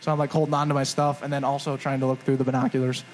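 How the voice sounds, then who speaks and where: A man's voice: medium pitch, little pitch movement, racing, poor audio. A young man co-hosting a live podcast show on stage, telling a rambling, self-mocking story and acting out the quotes. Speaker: podcast co-host. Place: live stage before a crowd.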